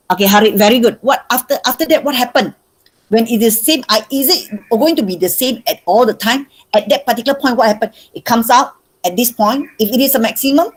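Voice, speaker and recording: Heard over poor audio, a woman with a medium-pitched, slightly mellow voice and a Malaysian accent teaches maths online. It's a revision lesson, and she coaxes answers by asking her questions repeatedly.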